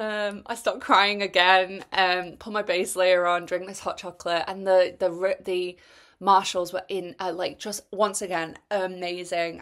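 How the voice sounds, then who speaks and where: A young Englishwoman tells her race story in a chatty, self-mocking way, laughing as she goes. Her voice sits a little low for a woman. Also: a bit bright. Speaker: ultrarunner recounting her race. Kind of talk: candid storytelling race review.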